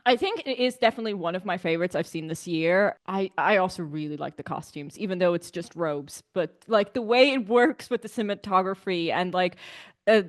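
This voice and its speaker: A woman's voice: lowish voice, fairly quick. A woman co-hosting a podcast, enthusiastically discussing a film in casual chat, filling her talk with "like". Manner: enthusiastic, many fillers like "like". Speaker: podcast co-host.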